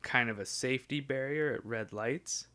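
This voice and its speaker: A man's voice: medium pitch, moderate pace, pushed and bright. A young man hosting a casual chat, laid-back, laughing often and swearing offhandedly. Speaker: podcast host.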